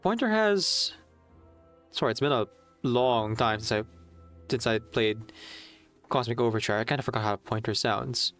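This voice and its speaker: A man's voice: mid-range voice, normal speed, pauses often, fairly bright tone, soft background music. Chatty young male streamer. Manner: chatty, a little nervous, reads chat aloud. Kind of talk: casual live-stream chat.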